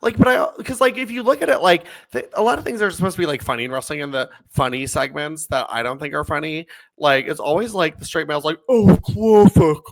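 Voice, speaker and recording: A young man co-hosting a podcast in casual chat, animated, laughing often and acting out quotes. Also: on the high side, fast talker. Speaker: podcast co-host.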